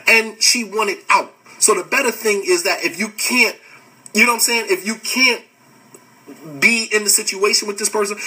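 Man, podcast host, casual lecture, very bright tone, husky. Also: high-pitched, normal speed, distant mic, rough recording. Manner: animated, street-casual, laughs often. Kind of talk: casual lecture answering live comments.

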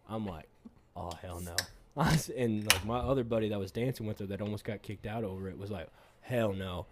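A man's voice: on the low side, fast, very noisy. A man casually telling bar-fight stories, rambling and profane, laughing often and acting out what everyone said. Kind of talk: casual storytelling chat.

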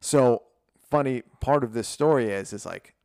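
A man in his forties tells a story to an interviewer, animated and rambling, peppering his sentences with "like" and curses. His voice carries a steady gravelly fry at a middling pitch. The sound is dry and close, with no room around it. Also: normal speed, dry recording. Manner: animated, rambling, full of "like" and swearing. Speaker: martial arts coach, podcast guest.

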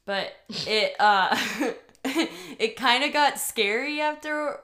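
A woman's voice: high voice, slow, bright, forceful tone. A woman co-hosting a podcast in casual chat, chatty and giggly, rambling through stories.

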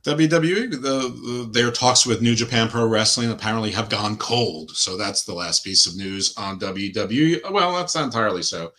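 A man co-hosting a podcast with a low voice that has a bright, forceful edge. He talks bluntly, throwing out crude, sarcastic jokes in easy casual chat. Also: normal speed, few pauses. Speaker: podcast co-host.

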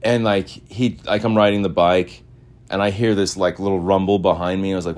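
A man's voice: deep voice, little pitch movement, brisk, darkish tone. A man hosting a podcast in a casual, meandering monologue, slangy and full of filler words. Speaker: podcast host.

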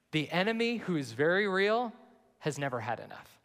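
A man's voice: on the high side, big pitch swings, normal speed, a bit bright. A man, a pastor, preaching an earnest sermon to his church and reading scripture aloud. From United States. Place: large church sanctuary. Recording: long hall reverb.

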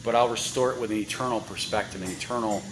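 A man's voice: lowish voice, steady tone, fast, a little hiss or hum, poor audio. A man preaching a sermon in a church, chatty and full of rhetorical questions to the congregation. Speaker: guest preacher. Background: congregation responses.

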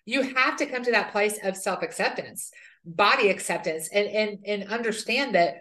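Woman host, mid pitch, candid and relatable in casual chat. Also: moderate pace, fairly bright tone. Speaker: podcast host.

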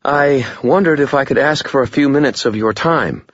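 Nervous young bookstore girl done by a man, high, unsure, trips over her words. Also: normal speed, no echo, highs cut off, lightly acted. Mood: anxious. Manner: hesitant, unsteady.

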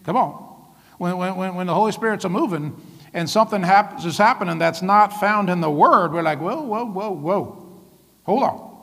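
A man preaching a sermon as pastor, lively, often laughing and calling out to the congregation. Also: high voice, a little fast, creaky, long reverb tail. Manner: lively, laughing often, calls out "come on" and "right?".

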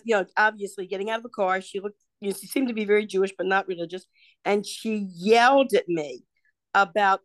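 With a mid-range voice and no echo, the host's mother chats casually as a podcast guest over video call. This older woman tells her stories animatedly, acting out the people she quotes.

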